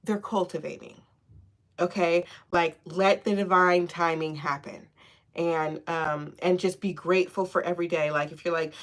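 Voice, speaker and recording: A woman giving a casual spiritual tarot reading, sassy and slangy with swearing and a steady stream of encouragement, often checking in with "okay?". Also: fairly low pitch, moderate pace. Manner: sassy, slangy and profane, with frequent "okay?" and laughs; encouraging and affirming. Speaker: tarot reader.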